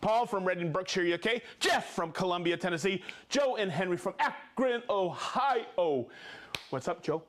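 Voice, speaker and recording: A man with a high, animated voice hosts a live stream at a normal pace, sounding slightly bright over a faint hiss or hum. He cheerfully reads out viewers' names and where they're from, joking and laughing in between.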